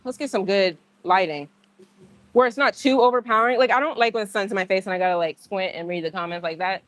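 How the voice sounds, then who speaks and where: A woman livestreams from the gym, speaking fast at medium pitch with no room sound. She tells stories in slang, laughs, and acts out what other people said.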